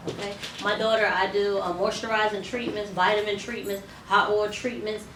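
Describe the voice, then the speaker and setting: A woman's voice: medium pitch, little pitch movement, normal speed. A woman hair stylist explaining her work in a chatty, step-by-step way, with frequent ums, during a salon demonstration. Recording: roomy distant mic with salon noise.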